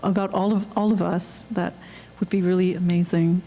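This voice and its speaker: Earnest woman with a low, even voice. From Canada. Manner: earnest, halting, many restarts. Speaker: film director at a Q&A panel. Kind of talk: reflective panel talk. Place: auditorium.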